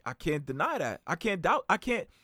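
A young man hosting his own podcast, talking in a casual, animated way with slang and frequent restarts. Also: high voice, normal speed, dry recording, studio quality. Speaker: podcast host.

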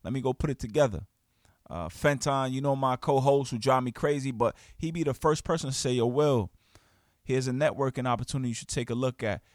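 A man hosting his own podcast, talking in an animated, emphatic, slangy way and acting out quoted friends. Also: mid-range voice, a little fast, no room sound, studio quality. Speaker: podcast host. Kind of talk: casual podcast monologue. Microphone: studio podcast mic.

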